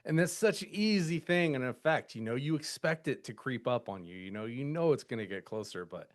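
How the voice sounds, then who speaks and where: Lively man saying "dude" a lot. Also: medium pitch, brisk. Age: 30s. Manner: animated, swearing, says "dude" a lot. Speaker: podcast co-host. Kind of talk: casual chat.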